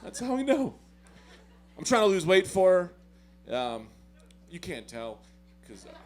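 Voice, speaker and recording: A man doing a stand-up comedy set, telling self-deprecating stories in an animated way with loud swings. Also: medium pitch.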